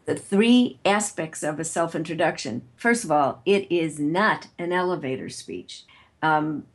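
A woman speaks in a fairly low voice with a confident, brisk delivery. She explains practical advice in the lively tone of an experienced speaker, as a guest in an interview. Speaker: guest, networking author and speaker.

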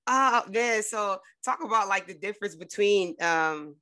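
A woman hosting a podcast interview, asking questions in a lively, casual way with playful asides. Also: mid-range voice, unhurried. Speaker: podcast host.

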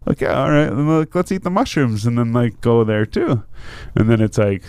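A man's voice: medium pitch, animated, moderate pace, a little mellow, clear, resonant tone, dry recording. A man telling a story in casual chat, laughing often and swearing freely.

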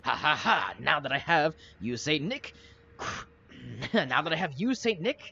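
A man's voice: fairly high pitch, big pitch swings, measured pace, creaky, pushed and bright, husky, pitched above the performer's own voice, exaggerated voice. A man voicing a bitter, spiteful villain who hates the holidays, gloating in a slightly raised voice. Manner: gloating, spiteful, repeats himself. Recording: dull lo-fi recording.

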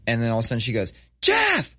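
A man's voice: medium pitch, level tone, rapid-fire, no room sound. A man in his thirties telling a story in casual, profane conversation, acting out quotes as he goes. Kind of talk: casual chat.

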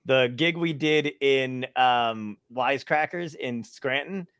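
A man's voice: mid-range voice, slow, a bit bright, clean tone, no echo, studio quality. A male comedian hosting a podcast, bantering casually, laughing a lot and swearing freely.

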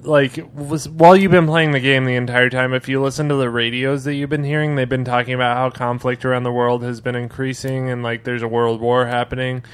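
Blunt man, smooth clear voice. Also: medium pitch, little pitch movement, brisk, hardly any pauses. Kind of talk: casual gaming chat.

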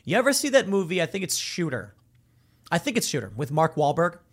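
A male host talks through a casual commentary monologue with lively, swooping intonation. His voice sits a little high for a man, and he acts out the people in his stories as he goes. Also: fairly quick. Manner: animated storytelling, acts out quoted voices.

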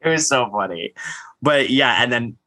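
A man's voice: mid-range voice, expressive, moderate pace, sharp tone, rough recording. A man co-hosting a podcast, chatting casually and acting out scenes with lots of "like". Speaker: podcast co-host. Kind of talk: casual recap chat.

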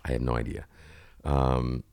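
A man in his fifties with a very deep, low voice, a guest on a chat show. He tells stories in an animated way and swears freely. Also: a little slow. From United States. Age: 50s. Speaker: guest actor. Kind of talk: casual interview chat.

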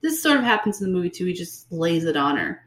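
Brief: sardonic woman co-host, lower-pitched voice, animated recap full of fillers and sarcasm. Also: fast. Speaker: podcast co-host. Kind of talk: casual book-review chat.

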